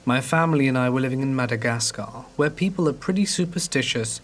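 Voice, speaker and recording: A man calmly narrating true horror stories in a steady, scripted reading. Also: medium pitch, quick pace, soft background music.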